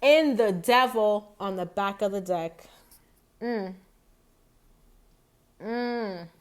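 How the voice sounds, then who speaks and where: A woman's voice: mid-range voice, drawn-out words. A woman doing a casual tarot reading, talking to her viewers in a rambling, chatty way full of fillers and restarts. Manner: talks straight to viewers. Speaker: tarot reader.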